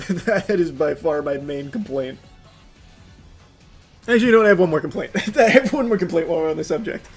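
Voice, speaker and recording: High-voiced young man ranting on stream. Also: a little fast, long pauses, slightly rough, soft background music. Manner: animated, profane, laughing often. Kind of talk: casual livestream rant.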